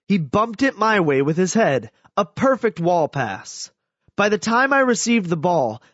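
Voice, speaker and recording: A man reading a first-person story aloud as scripted audiobook narration, telling it in an animated way. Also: high voice, no room sound, lo-fi sound.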